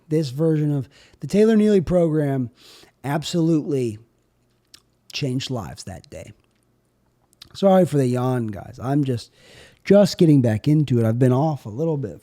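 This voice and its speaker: A young man hosting a solo podcast, riffing on absurd bits in a rambling, offhand way. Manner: absurd deadpan riffing, drifting in pitch and loudness. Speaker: podcast host.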